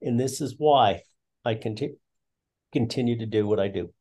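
An older man, a retired school principal, tells long, earnest stories as an interview guest. His mid-range voice moves at a normal speed and has a darkish tone, suiting the reflective storytelling.

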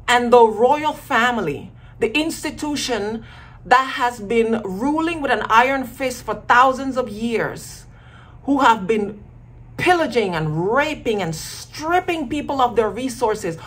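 A woman giving a casual commentary monologue as a vlogger, emphatic and acting out quoted voices. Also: a little high.

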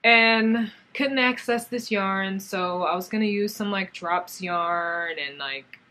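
A young woman casually chatting in a crafts vlog, gushing and excitable as she shows off yarn and talks to it and her viewers. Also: medium pitch, takes it slowly. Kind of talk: casual haul vlog chat.

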